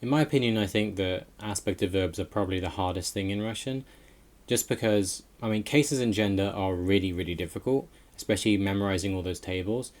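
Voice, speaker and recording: Man with a low voice, casual learner voice-over with loose fillers. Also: fairly quick, darkish tone. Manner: chatty, with fillers and self-corrections. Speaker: language learner.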